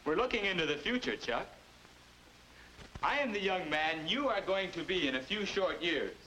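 A man's voice: sits high, animated, normal speed, sharp tone, slight background noise, poor audio. A young man playing a boy's earnest grown-up self in an old educational film, talking in an instructive way. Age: young adult. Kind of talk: 1950s educational film acting. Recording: old film soundtrack with music.

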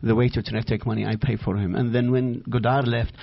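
Halting non-native English-speaking man. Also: medium pitch, flat delivery, gravelly, dry recording. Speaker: author being interviewed. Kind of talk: live interview conversation. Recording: dull, dry, muffled sound.

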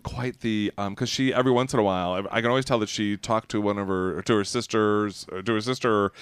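A man's voice: lowish voice, fast talker, clear, resonant tone, dry recording. Guy co-hosting a chatty radio show, tells stories, laughs a lot, dry close mic. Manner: animated, storytelling with laughs. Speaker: radio co-host. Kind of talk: casual chat.

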